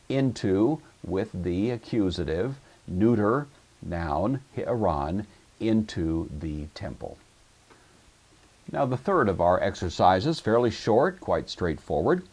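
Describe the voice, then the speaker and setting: Male Greek tutor, unhurried, walks through grammar aloud step by step, deep voice. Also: big pitch swings, darkish tone, slightly rough. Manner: methodical, talks through each step aloud. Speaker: Greek teacher. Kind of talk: recorded language lesson.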